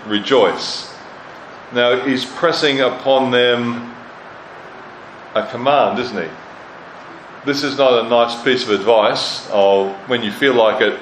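A man's voice: medium pitch, a bit bright. A man preaching a sermon as pastor, emphatic, repeating lines for stress and putting questions to his hearers. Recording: roomy hall sound with faint noise.

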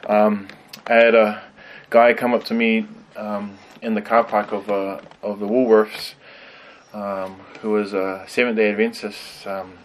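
Guy with a lowish voice going through bible verses, lots of ums, thinking out loud. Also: little pitch movement, poor audio. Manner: thoughtful, pauses with frequent ums. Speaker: Bible teacher. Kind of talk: conversational Bible study teaching.

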